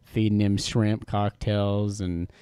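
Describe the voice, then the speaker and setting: Low, mellow-voiced wisecracking man. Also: little pitch movement, slow pace, clean tone, no echo. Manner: joking, wisecracking asides. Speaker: podcast co-host. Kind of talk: casual gaming chat.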